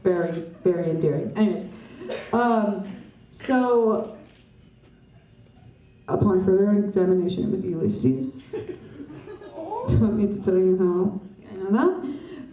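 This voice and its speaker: A woman's voice: medium pitch, darkish tone. A young woman doing stand-up comedy on a club stage, rambling and self-mocking as she chats with the audience. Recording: roomy club sound from a distance.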